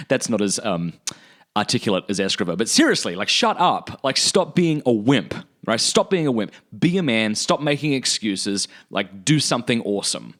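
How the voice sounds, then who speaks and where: An Australian man talking in a casual, emphatic way. His pitch swings widely as he pushes his points home, bluntly and with energy. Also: sing-song, moderate pace, a bit bright. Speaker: podcast host. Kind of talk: casual spiritual talk.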